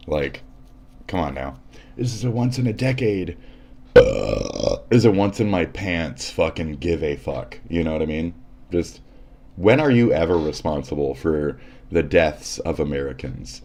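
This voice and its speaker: A man's voice: a bass voice, animated, normal speed, dark tone. A man hosting a livestream, ranting in a sarcastic, profane and combative way as he comments on news clips. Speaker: livestream host.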